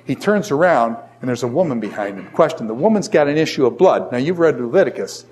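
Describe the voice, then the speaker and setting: A man's voice: mid-range voice, quick pace. A middle-aged man teaching a Bible class in a classroom. He asks the class questions and answers them himself, and tells stories with jokes and asides. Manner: animated storytelling with jokes and asides. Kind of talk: lively classroom lecture.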